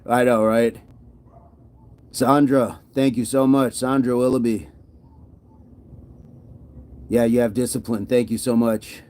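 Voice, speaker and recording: A man's voice: medium pitch, flat delivery, slow pace, pauses often, a little mellow, clear, resonant tone. A man hosting a fitness livestream, reading viewer comments aloud and answering them in a casual, encouraging, upbeat way. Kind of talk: casual live chat while working out.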